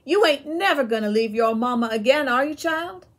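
A woman's voice: sits high, expressive, normal speed, voice pushed up. A woman reading aloud and voicing a devout, tender older mother who talks in a folksy rural dialect. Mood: fervent.

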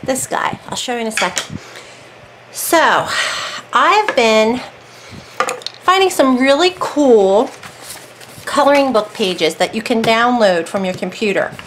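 A woman's voice: on the high side, lively intonation, slow, long pauses, a bit bright, a little hiss or hum, low-quality recording. A woman vlogging about her crafts in a casual, rambling way, often breaking off and starting sentences again. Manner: chatty, rambling, self-interrupting. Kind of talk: casual chat. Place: warm room at home.

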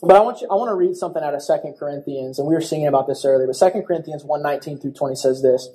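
Animated young pastor preaching a sermon. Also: male voice, on the high side, very fast, hardly any pauses. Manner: animated storytelling with acted-out voices.

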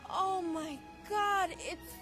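A woman's voice: extremely high pitch, steady tone, drawn-out words, over music, exaggerated voice. A woman doing a gushing, awestruck gasper. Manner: breathless, gushing exclamations. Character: overwhelmed young woman gushing at a rainbow.

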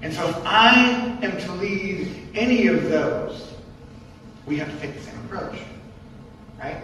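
A man's voice: high-pitched, lively intonation, unhurried, bright, forceful tone, slight background noise. A man preaching a sermon in a church, emphatic and repetitive, posing rhetorical questions to the congregation. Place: church sanctuary. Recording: distant mic in an echoey church hall.

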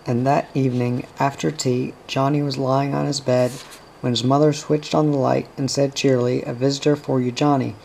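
A man reads a novel aloud with a gravelly, mellow voice. His pitch stays flat and even as he moves through narration and dialogue. The reading is plain and unhurried. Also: a little hiss or hum, low-quality recording. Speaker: audiobook reader.

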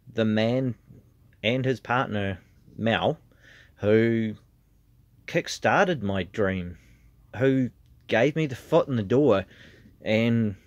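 A man's voice: medium pitch, no echo, highs cut off. A man with a New Zealand accent, a trainee pro wrestler, talking earnestly and from the heart in a casual vlog, with lots of "um" and "you know". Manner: earnest and heartfelt, with frequent fillers.

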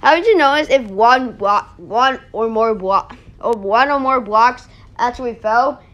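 A woman hosting a casual gameplay video, excitable, yelling and laughing as she plays. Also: fairly high pitch, unhurried. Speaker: gaming video host.

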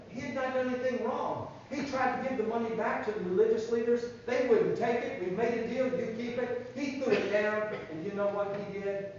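A man giving a children's sermon in a church, telling a Bible story in an animated way and asking the kids questions. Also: sits high, slight background noise. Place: church sanctuary. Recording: echoey church from far off, dull sound.

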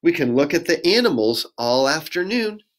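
A man, a pastor, reading a children's picture book aloud in a gentle sing-song voice and inviting young listeners to join in. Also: on the high side, very animated, moderate pace.

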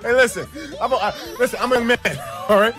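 A young man streaming a video game, excitedly yelling, laughing and talking to his chat over game music. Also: very high voice, fairly quick. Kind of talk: excitable let's-play commentary.

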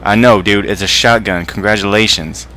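A man's voice: lowish voice, steady tone, normal speed, bright, forceful tone, a little hiss or hum. A man voicing a laid-back terrier dog puppet who talks in drawling dude-bro slang. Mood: smug. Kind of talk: comedic gaming commentary.

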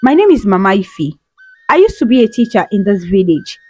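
A woman voicing a kind, wise village woman who used to be a teacher, speaking gently and reassuringly. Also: mid-range voice, sing-song, a little fast, slightly rough, highs cut off, faint music behind. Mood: gentle.

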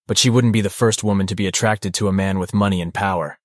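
A man's voice: lowish voice, steady tone, fast talker, no echo. A man narrating an audiobook in a dry, wry manner. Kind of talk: scripted narration.

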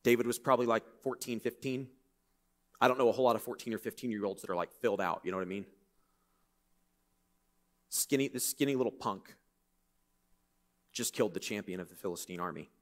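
A man preaching a sermon in a church, reading scripture and breaking into lively, conversational, joking asides. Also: fairly low pitch, fairly quick, long pauses. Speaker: pastor.

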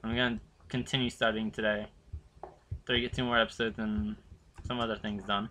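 A teenage boy hosting a horror game playthrough, chatting to viewers in rambling asides and swearing loudly when startled. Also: fairly low pitch, flat delivery, brisk, a little hiss or hum. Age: teens. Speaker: gaming channel host. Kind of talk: horror game let's play commentary.

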